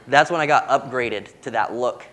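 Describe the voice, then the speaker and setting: A young man preaching a sermon, earnest and warm-humored as he tells stories. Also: medium pitch, normal speed, a little hiss or hum.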